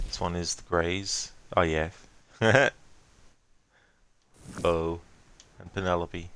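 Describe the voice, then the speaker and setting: A man's voice: sits low, creaky, a bit bright, a little hiss or hum. A man giving casual, rambling commentary while playing a game. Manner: chatty, rambling, musing aloud. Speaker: gameplay streamer.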